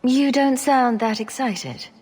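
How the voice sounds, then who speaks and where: A woman's voice: high voice, takes it slowly, a little mellow, roomy sound, soft background music. An actress voicing a dry-witted female hero in a fantasy video game, speaking in a sardonic way. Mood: wry.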